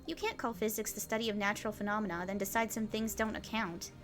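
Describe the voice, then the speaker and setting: A woman voicing a sharp-tongued young woman scientist in a visual novel. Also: mid-range voice, fairly even intonation, fast, over music, natural voice. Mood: scornful. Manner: cutting, dismissive.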